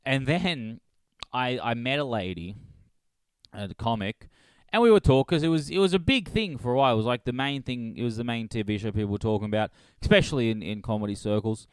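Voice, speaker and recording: Man, comedy podcast host, smooth resonant voice, dry close mic, rambling, profane. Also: medium pitch, animated, brisk, dry recording. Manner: profane, rambling, laughing at own jokes. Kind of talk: solo comedy podcast rant.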